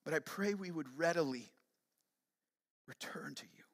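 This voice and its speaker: A man preaching a sermon as pastor, fervent and emphatic, then settling into a soft, earnest prayer. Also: on the high side, measured pace, pauses often.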